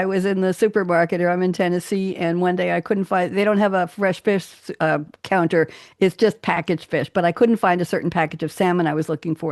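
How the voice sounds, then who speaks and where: A woman's voice: fairly low pitch, darkish tone, no room sound, studio quality. A woman radio host from Queens with a New York accent, telling jokey stories on a live talk show. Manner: chatty, jokey storyteller.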